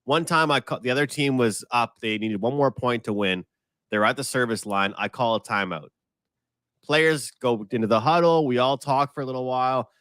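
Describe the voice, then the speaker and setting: Bright, chatty male sports betting expert. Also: medium pitch, moderate pace, clean tone, dry recording. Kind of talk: casual sports betting chat.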